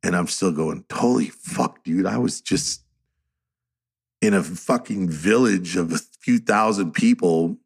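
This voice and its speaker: A man's voice: unhurried, husky. A man, a tattoo artist guest, chatting profanely on a podcast and telling stories. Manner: profane, storytelling, imitates others in a low voice. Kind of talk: casual podcast chat.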